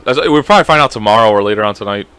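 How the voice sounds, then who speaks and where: A young man co-hosting a podcast in casual chat, animated and profane, acting out voices as he tells stories. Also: on the low side, racing, clear, resonant tone, no room sound. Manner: animated, swears a lot, acts out voices. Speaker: podcast co-host.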